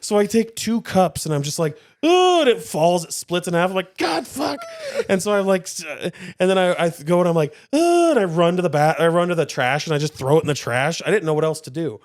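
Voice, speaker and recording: A man's voice: a little high, fairly even intonation, fast, hardly any pauses, no room sound. A man co-hosting a casual podcast, telling a long story with laughter and swearing. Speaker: podcast co-host.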